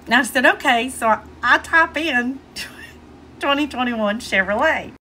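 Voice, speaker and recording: A woman's voice: sits high, a little slow, pushed and bright, slight background noise. A woman with a Southern US accent telling a funny story to her viewers in a casual chat. She keeps fighting back her laughter. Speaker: vlogger.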